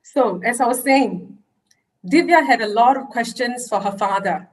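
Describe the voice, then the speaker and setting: A woman's voice: a little high, moderate pace, low-quality recording. A woman giving an earnest, explanatory online lecture over a video call. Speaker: religious education presenter.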